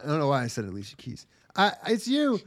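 A man voicing an excited, naive young blonde girl in a high, gushing tone while retelling an anime. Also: fast talker.

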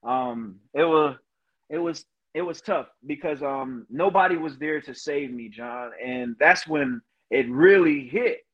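A man's voice: a little high, unhurried. Earnest man telling his story, lo-fi sound. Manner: earnest, emotional, many "you know" fillers. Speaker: guest, Marine veteran and motivational speaker. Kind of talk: personal storytelling in a podcast interview.

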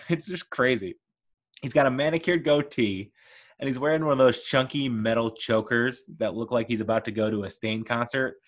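Laughing, animated man ranting about a film. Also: medium pitch, normal speed. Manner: animated, laughs often, playful mock voices. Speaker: podcast host reviewing a film. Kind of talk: casual enthusiastic film rant.

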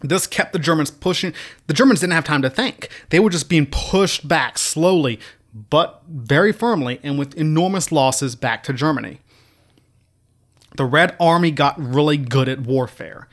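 A man's voice: a little high, moderate pace. A man hosting a casual history talk, emphatic, repeating key words for stress and slipping in mocking asides. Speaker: history video host.

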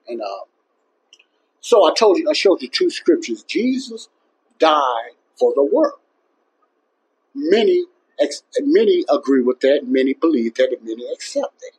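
A man's voice: fairly high pitch, darkish tone, a little hiss or hum, rough recording. A man teaching the Bible in an informal, emphatic way, often repeating himself and restarting his phrases. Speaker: Bible teacher and podcast host.

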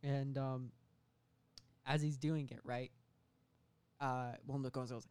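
A man of medium pitch pitches a story on a comedy podcast, rambling and casual. He trails off, restarts and fills gaps with "like" and "um" as he goes. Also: flat delivery, slow pace, pauses often, a little mellow, clear, resonant tone. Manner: rambling storytelling with many fillers. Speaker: podcast co-host pitching a movie.

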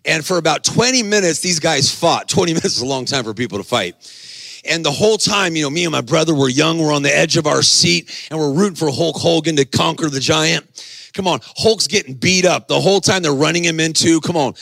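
A middle-aged man preaching with a high, bright, forceful voice and a gravelly edge. He tells stories with animation and shouts at the peaks, and the sound is dry and close. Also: dry recording. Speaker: pastor. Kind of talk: sermon.

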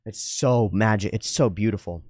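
A man's voice: on the low side, moderate pace, no room sound, clean studio sound. A man hosting a podcast, talking casually and reflectively, acting out dialogue in different voices and swearing casually. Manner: animated storyteller, acts out dialogue in voices. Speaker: podcast host.

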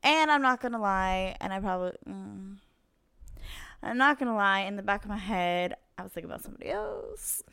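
A young woman co-hosting a podcast, chatting casually as she tells a dating story and voices each person's lines in turn. Her voice is smooth and clear at a middle pitch. It sounds close and dry, with no room echo. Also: a little fast. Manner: animated storyteller who acts out quoted dialogue. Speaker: podcast co-host.

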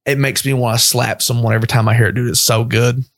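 A man's voice: medium pitch, level tone, fast, a bit bright. Easygoing man chatting about music. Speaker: podcast co-host. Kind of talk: casual chat.

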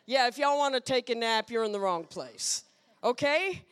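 A woman guest preacher giving a lively, playful sermon and asking the congregation questions. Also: on the high side, moderate pace, smooth, in a large hall. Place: church sanctuary.

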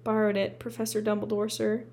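A woman reading as a big-hearted giant man, gravelly and warm. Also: medium pitch, monotone, brisk, a little hiss or hum, lightly acted. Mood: plain. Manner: earnest, tearful plain speech. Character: big gruff gentle male giant groundskeeper.

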